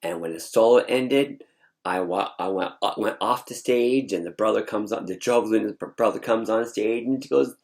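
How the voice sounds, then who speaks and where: A man's voice: fairly low pitch, moderate pace, gravelly, darkish tone. A man telling a dream story in a dramatic, sassy way as a vlogger.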